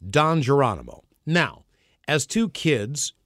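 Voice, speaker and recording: A man's voice: medium pitch, takes it slowly, no echo, studio quality. A man co-hosting a podcast, telling a story with energy and often restarting or repeating words as he goes. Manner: energetic, stumbles and repeats words when excited. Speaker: podcast co-host. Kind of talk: casual storytelling chat.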